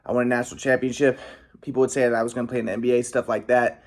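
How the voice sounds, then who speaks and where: A man talks straight to the camera in a loose, rambling monologue, bragging and circling back on himself. He restarts sentences often and clears his throat between thoughts, in a voice of ordinary middle pitch. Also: level tone, rapid-fire. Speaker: vlogger. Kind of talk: casual monologue.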